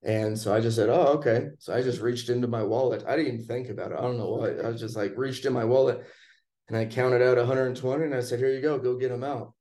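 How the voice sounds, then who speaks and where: A man casually telling a personal story in conversation, relaxed and chatty, acting out what people said. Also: medium pitch, quick pace. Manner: relaxed, chatty, acts out quoted lines.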